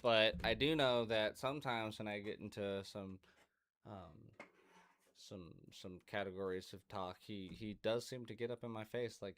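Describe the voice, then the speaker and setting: A man's voice: lowish voice, fairly even intonation, measured pace, fairly bright tone, a little hiss or hum. A man hosting a podcast in a casual, rambling monologue, swearing freely and talking to his dog. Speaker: podcast host.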